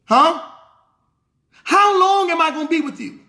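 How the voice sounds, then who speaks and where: A preacher acting out an exasperated Christ. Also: male voice, very high-pitched, animated, sharp tone, voice pushed up, full character voice. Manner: exasperated, scolding, rapid rhetorical questions. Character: frustrated Christ scolding his disciples. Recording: roomy echo.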